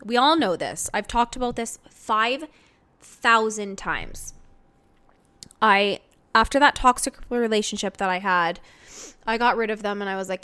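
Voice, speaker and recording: A woman's voice: mid-range voice, moderate pace, pushed and bright, smooth. A woman in her thirties hosting a podcast, chatting casually in a rambling way full of "like". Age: 30s. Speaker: podcast host. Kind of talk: casual chat.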